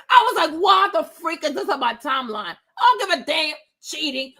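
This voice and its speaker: A high-pitched woman, ranting in a casual, sassy way. She talks bluntly and profanely and mocks the people she talks about. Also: expressive, moderate pace, few pauses, pushed and bright. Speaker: commentator reacting to celebrity gossip. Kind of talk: casual rant.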